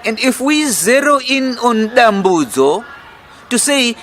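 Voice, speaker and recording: A man's voice: extremely high pitch, expressive, takes it slowly, fairly bright tone, a little hiss or hum. A middle-aged Zimbabwean man with a Zimbabwean accent, a political campaign leader giving a fiery, emphatic, rhetorical interview. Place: outdoor restaurant in city gardens.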